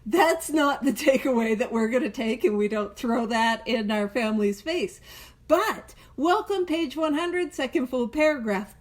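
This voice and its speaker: A woman hosting a study group, leading a book study in a casual, self-deprecating way with joking asides. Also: high voice.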